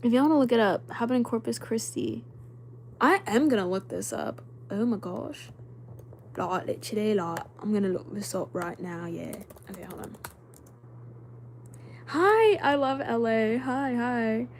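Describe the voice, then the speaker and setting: A woman's voice: mid-range voice, normal speed, a little hiss or hum. A young woman in her twenties hosting a casual livestream, chatting and reading viewer comments, now and then dropping to a whisper. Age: young adult. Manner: chatty, animated, drops to whispers when spooked. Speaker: livestream host.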